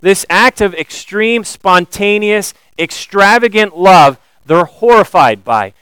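A man delivers a sermon in a smooth, fairly high voice. He is animated and builds to emphatic questions. The sound is close and dry. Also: takes it slowly, no echo, low-quality recording. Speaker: pastor.

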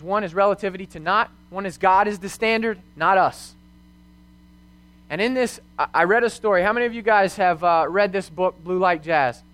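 A man's voice: high voice, fairly bright tone. A young man, a youth pastor, preaching a sermon in an earnest storytelling way, full of rhetorical questions.

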